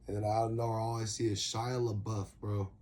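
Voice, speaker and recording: A man's voice: lowish voice, flat delivery, fairly quick, darkish tone. A young man casually telling a long story, rambling in heavy slang and swearing freely. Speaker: vlogger.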